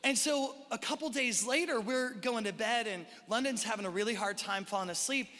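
A man preaching a sermon as a pastor, in a conversational, animated style with casual asides to the congregation. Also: high voice, brisk. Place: large church hall. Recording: live sermon in a reverberant hall.

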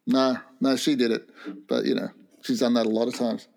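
A man's voice: medium pitch, flat delivery, a little fast, gravelly, a little mellow. A man in casual chat, telling a story in a dry, understated way.

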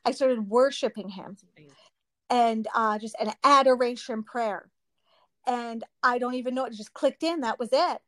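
A woman's voice: a little high, unhurried, no echo. A woman, a mother, animatedly retelling her testimony with frequent laughs. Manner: animated storytelling, laughs often.

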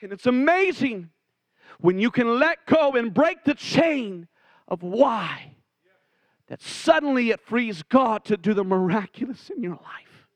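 A man's voice: very high-pitched, lively intonation, measured pace, no echo. A man preaching a sermon as pastor, heartfelt and emotional, often repeating words and saying "uh" when moved. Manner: frequent "uh" fillers.

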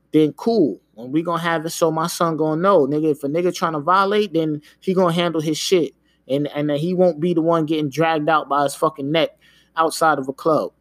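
A man's voice: a little high, dry recording. A man hosting a podcast, ranting in a casual, emphatic way. He swears freely and keeps tossing in "man" and "yo". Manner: emphatic, profane, repeats "man" and "yo"; talks in quick bursts. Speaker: podcast host.

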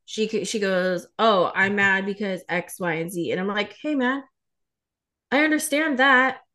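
A woman's voice: medium pitch, measured pace, sharp tone. A woman in her thirties co-hosting a podcast, talking frankly and swearing freely as she animatedly retells parenting stories. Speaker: podcast co-host. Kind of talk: casual chat.

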